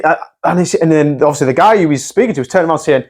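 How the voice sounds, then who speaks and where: A man hosts a podcast in a relaxed, chatty way. His voice sits a little high, and he swears freely. He raises his voice when he acts out the quotes in his stories. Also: fast. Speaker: podcast host. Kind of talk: casual chat.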